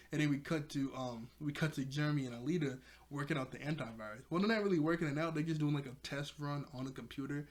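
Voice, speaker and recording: A young man casually recapping a cartoon episode, animated, acting out the characters' lines and laughing often. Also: a little high, fast talker, few pauses. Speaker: episode reviewer.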